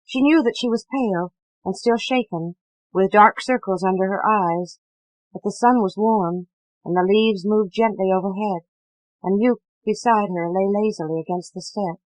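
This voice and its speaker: A woman audiobook narrator reading a novel with a measured, dramatic delivery that drops to hushed passages. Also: mid-range voice, dry recording, poor audio. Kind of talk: scripted literary narration.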